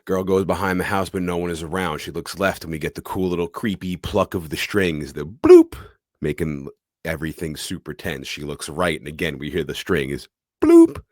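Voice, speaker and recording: Very deep-voiced man recapping a film. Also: sing-song, fairly quick, no echo, clean studio sound. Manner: narrates plot in a blow-by-blow way. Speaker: podcast co-host.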